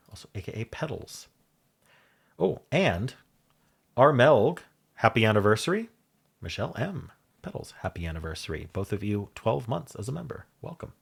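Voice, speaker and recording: A man's voice: lowish voice, creaky, slightly rough. A man hosting a puzzle video, thinking aloud in a casual, unsure way as he works through a word game. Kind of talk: casual solo puzzle commentary.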